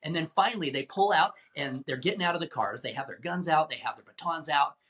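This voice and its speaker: A middle-aged man, a podcast guest, recounting a tense rescue mission in vivid, animated storytelling with acted-out quotes. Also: fairly high pitch, fast. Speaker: guest, anti-trafficking rescuer. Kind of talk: dramatic storytelling in a podcast interview.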